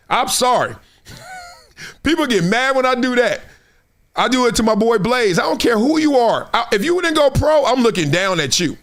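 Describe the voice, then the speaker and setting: Animated man, high lively voice. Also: moderate pace. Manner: animated, trash-talking, acts out fans in put-on voices. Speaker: show host. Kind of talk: casual sports talk livestream.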